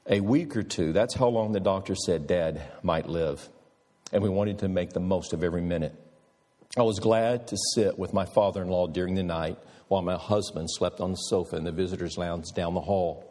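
A man's voice: sits low, normal speed, dark tone. A man preacher telling a moving story in an earnest sermon, ending with a pleading appeal. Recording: reverberant hall.

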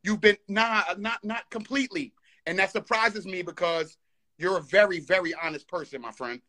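A man's voice: sits high, moderate pace, pushed and bright. A man arguing heatedly on a live call, insistent and repeating himself as he talks over the others. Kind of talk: heated argument.

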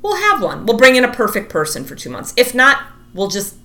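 A woman in her thirties tells a story in casual chat, her voice bright and forceful. She is animated, acts out every quoted line and says "like" a lot. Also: on the high side, fairly quick.

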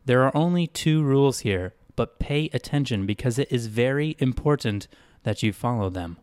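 A man voicing a nervous male prisoner who gives blunt, hushed warnings about the town's rules. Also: medium pitch, lively intonation, normal speed, clean tone, no echo, studio quality, voice pushed up, lightly acted. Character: jittery male long-time prisoner, fearful and blunt.

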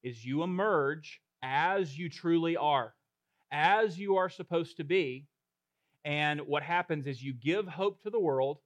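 Pastor, male, slightly high pitch, sermon delivery that swells into loud emphatic preaching. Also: dry recording. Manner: builds to loud emphatic preaching, rhythmic repetition.

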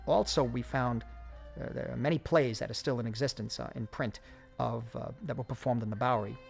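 A man giving a film commentary track, talking in halting runs full of fillers and restarts. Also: mid-range voice, gravelly. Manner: halting, many fillers, quick bursts.

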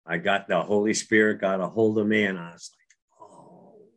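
A middle-aged man from New Jersey, speaking at a moderate pace in a lowish, steady voice with a fairly bright tone. He recounts a personal faith story casually and earnestly, frequently restarting and repeating words.

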